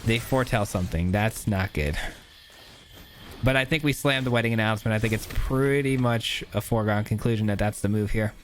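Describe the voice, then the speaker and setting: A man's voice: lowish voice, fairly quick, a little hiss or hum. Chatty man commentating his gameplay. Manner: chatty, thinks aloud, frequent filler words. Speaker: gaming YouTuber.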